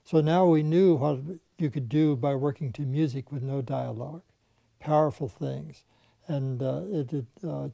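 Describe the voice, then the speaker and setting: A man's voice: medium pitch, creaky, dark tone, no echo. An older man, a veteran animation filmmaker, reminiscing in conversation and telling anecdotes in which he mimics the people he quotes.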